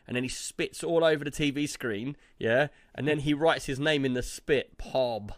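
A man's voice: medium pitch, normal speed, no echo, clean studio sound. A man telling stories and teasing his friends in a casual chat. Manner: teasing, storytelling. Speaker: podcast co-host.

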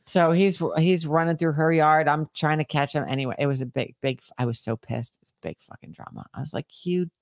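A woman co-hosting a podcast, telling a story in a casual chat with animated delivery and plenty of swearing. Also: deep voice, a little fast, creaky, few pauses, dry recording, clean studio sound. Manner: animated storytelling, heavy swearing, shouts when acting out scenes. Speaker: podcast co-host.

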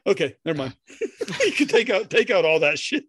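A man's voice: high-pitched, sing-song, moderate pace, a bit bright, breathy edge, no echo, studio quality. A man co-hosting a podcast, chatting casually over a video call, joking and laughing at himself. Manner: joking, giggly, self-mocking. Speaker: podcast co-host. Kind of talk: casual chat.

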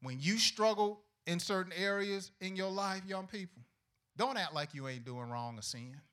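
High, bright-voiced preaching man. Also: moderate pace. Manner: call-and-response preaching with questions to the congregation; folksy, humorous delivery with acted-out prayers. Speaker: pastor. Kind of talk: sermon to young people.

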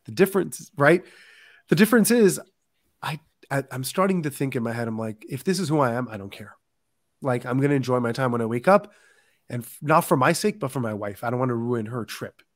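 A man's voice: mid-range voice, a little fast, dry recording, studio quality. Man animatedly recounting his struggle. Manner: animated, addresses the host by name, acts out quoted lines. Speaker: podcast guest telling his insomnia story. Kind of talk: candid personal storytelling.

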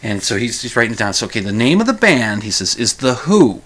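Talking fast in a sing-song, fairly bright voice, this podcast host recounts a story casually and loosely. He chuckles, corrects himself often, and raises his voice higher to act out quoted lines.

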